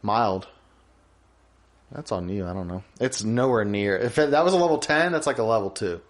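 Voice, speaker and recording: A man's voice: fairly low pitch, expressive, moderate pace. A man co-hosting a casual podcast chat, joking crudely and riffing. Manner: crude, joking, riffs into loud put-on voices. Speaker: podcast co-host.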